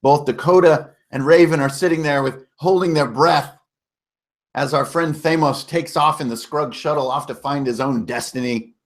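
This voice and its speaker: A man's voice: a little high, normal speed. A man narrating a tabletop game recap as game master, casual and storytelling, with self-corrections and mild swearing.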